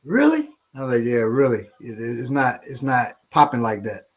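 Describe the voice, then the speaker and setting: A man's voice: mid-range voice, moderate pace. A middle-aged man from Chicago hosting a casual chat, telling stories animatedly with many restarts. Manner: animated storyteller acting out loud voices. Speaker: podcast host.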